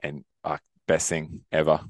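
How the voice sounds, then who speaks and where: A man's voice: a bass voice, completely flat delivery, measured pace, no room sound, studio quality. A young man co-hosting a podcast, rambling through stories, laughing often and swearing casually. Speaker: podcast co-host. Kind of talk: casual chat.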